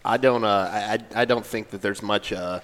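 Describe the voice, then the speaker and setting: Man, fairly low voice, co-host, halting delivery, reverberant room. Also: steady tone, a bit bright. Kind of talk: casual sports talk.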